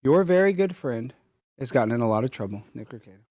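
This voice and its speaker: A man interviewing a guest, leading into a question in a careful, measured way. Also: medium pitch, lively intonation, a little mellow, no room sound, clean studio sound.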